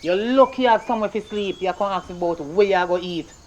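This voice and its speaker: A performer playing a stern, broke Jamaican mother who scolds her son in rapid patois. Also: medium pitch, highs cut off, slight background noise, natural voice. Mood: scolding. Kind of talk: comedy skit acting.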